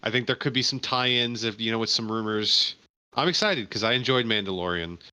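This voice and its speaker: A man co-hosting a casual gaming podcast, excitable and quick to defend the things he likes. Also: on the low side, clear, resonant tone, no room sound. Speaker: podcast co-host.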